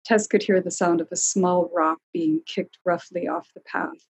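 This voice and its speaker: Breathy woman reading a storybook. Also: fairly low pitch, low-quality recording. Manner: calm, measured reading. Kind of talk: storybook narration.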